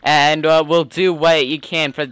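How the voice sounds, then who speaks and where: A man voicing a gruff male mobster henchman who talks in tough-guy gangster slang. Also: on the high side, level tone, measured pace, fairly bright tone, no room sound. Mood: coaxing.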